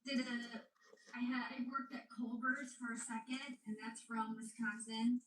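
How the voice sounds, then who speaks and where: Brief: woman, a bit high-pitched, hesitant casual talk, echoey room, set back from the mic. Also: little pitch movement, unhurried, a bit bright, recorded from a distance. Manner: hesitant, unsure. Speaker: livestream guest. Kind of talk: casual chat. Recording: roomy, from off-mic.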